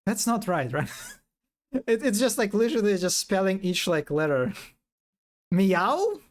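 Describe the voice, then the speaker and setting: A woman's voice: medium pitch, lively intonation, normal speed, darkish tone. A woman streamer chatting casually on a live stream, giggling, curious and repeating words aloud to test them.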